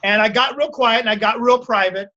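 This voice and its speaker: A man's voice: extremely high pitch, fairly quick, sharp tone, highs cut off. A man leading a group coaching call over video, telling stories and checking in with his listeners for agreement. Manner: storytelling, asks the group for agreement. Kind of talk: casual group coaching talk.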